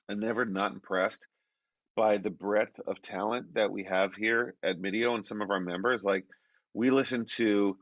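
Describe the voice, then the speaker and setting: A low-pitched man gives casual feedback on submitted songs. He rambles a little and repeats words as he looks for them. His voice comes across dull and muffled in a dry, close space. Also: fairly bright tone, dry recording. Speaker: A&R song reviewer.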